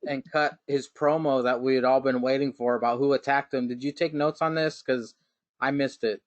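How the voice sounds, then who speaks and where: A man's voice: mid-range voice, steady tone, moderate pace, no echo. A man hosting a casual podcast chat, loose and joking, putting questions to his co-hosts. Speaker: podcast host.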